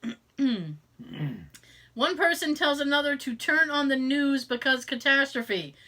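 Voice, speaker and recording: Her voice sits high and sounds bright and forceful, unhurried in delivery. She's a Boston-accented podcast co-host from that area, profane in casual conversation, laughing often and doing mock voices when she quotes people.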